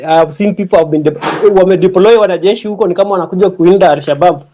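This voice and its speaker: A man's voice: sits high, quick pace, warm tone, highs cut off. A man with a Kenyan English accent calling into a live audio room, angry and switching between Swahili and English. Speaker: caller on a live audio space.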